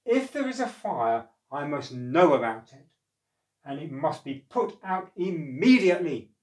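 A man reading a storybook aloud, voicing a cross old male gnome who speaks loudly and blusters. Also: on the high side, big pitch swings, measured pace, roomy sound, recorded from a distance. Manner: loud, blustering.

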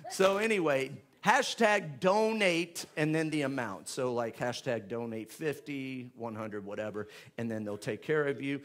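A man, a pastor making church announcements in a chatty, joking way before rising into loud, fervent prayer. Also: mid-range voice, unhurried, few pauses. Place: church sanctuary with live congregation.

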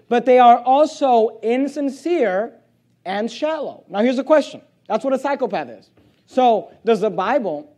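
A male pastor preaching a sermon, reading aloud and driving points home by repeating phrases and slowing on key words. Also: sits high, a little mellow.

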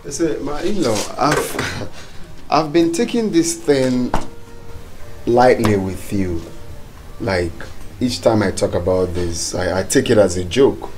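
An indignant young Nigerian father in a film drama, with a lively voice that swings up and down. He talks emphatically and repeats himself. Faint music runs under the scene. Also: fairly low pitch, takes it slowly, roomy sound. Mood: firm. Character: young father fighting in-laws for his son.

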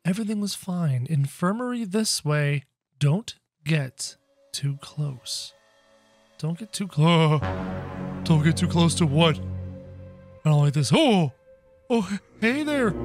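A man doing a wild cartoon rabbit. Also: on the high side. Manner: excitable, yelps and panics loudly. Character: mischievous male cartoon rabbit, snarky, dramatic. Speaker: gamer playing in character. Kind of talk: in-character game commentary.

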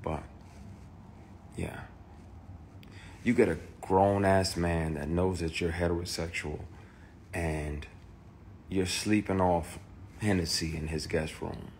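Deep-voiced man telling a raw story. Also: fairly even intonation, slow pace, pauses often, a little mellow, slight background noise. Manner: emphatic, raw and swearing, with restarts. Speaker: actor. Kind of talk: candid personal testimony.

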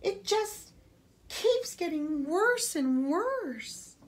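A woman doing a frantic, high-pitched mom. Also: very animated, moderate pace, darkish tone. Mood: distraught. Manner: high and distraught. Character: frantic worried mother.

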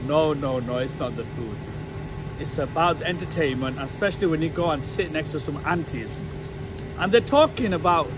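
A man vlogging casually to camera, chatty and excitable, addressing his viewers as guys. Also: fairly high pitch, normal speed, background noise.

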